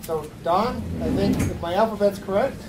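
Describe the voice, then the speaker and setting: A man's voice: sits high, normal speed. A man moderating a candidates' forum, informal and instructing. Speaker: event moderator. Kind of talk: casual event hosting. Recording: noisy room recording.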